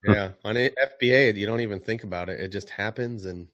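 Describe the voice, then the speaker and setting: Low-voiced, matter-of-fact man. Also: brisk, fairly bright tone, dry recording, lo-fi sound. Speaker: co-host, reseller. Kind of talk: casual chat on a live stream.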